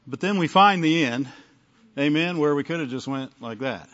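A male pastor with a fairly high voice delivers a chatty sermon. He checks in with his listeners again and again. The recording sounds dull and lo-fi. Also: lively intonation, normal speed, fairly bright tone. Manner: conversational preaching, frequent "amen?" and "right?" to the congregation.

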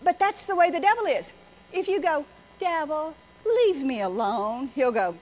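A woman's voice: sits high, animated, moderate pace, a little mellow. A woman preacher delivering a folksy, joking sermon full of stories. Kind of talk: sermon with storytelling. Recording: slightly muffled with faint noise.

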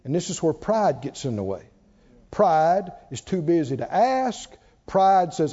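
High-voiced preacher in a reverberant hall. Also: male voice, sing-song, a little slow, warm tone. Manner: call-and-response preaching, asks the congregation to repeat lines. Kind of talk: sermon. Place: church hall. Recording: dull sound in a hall with long reverb.

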